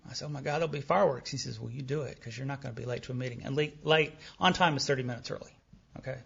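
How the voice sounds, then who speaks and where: Gravelly man telling his story. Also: mid-range voice, very fast, a bit bright. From Texas. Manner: storytelling, acts out dialogue, wry humor. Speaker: recovery meeting speaker. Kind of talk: personal recovery talk to an audience. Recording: dull lo-fi tape recording.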